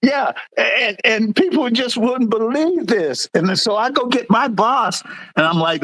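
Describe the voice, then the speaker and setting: A high, bright male voice with a wide swing in pitch. He is a middle-aged veteran telling old service stories in a loose, casual way and acting out every quote. The sound is dry and close, with no room around it. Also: a little slow, dry recording, rough recording. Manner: animated, jumps high when acting out quotes. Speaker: veteran guest, former Air Force supervisor. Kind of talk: casual storytelling.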